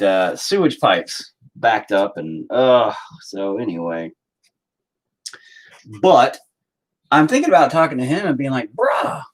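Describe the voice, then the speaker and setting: Painting at home on a livestream, this thirtysomething artist keeps up a crude, joking, meandering chat, frequently slipping into shrill, mocking impressions. His voice is slightly rough and the recording low in quality.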